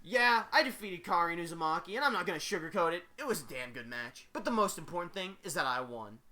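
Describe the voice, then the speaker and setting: Narrator putting on a boastful male wrestler, bright forceful tone, cocky. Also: medium pitch, lively intonation, fast. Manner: boastful, then frantic yelling. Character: male pro wrestler, cocky then scared.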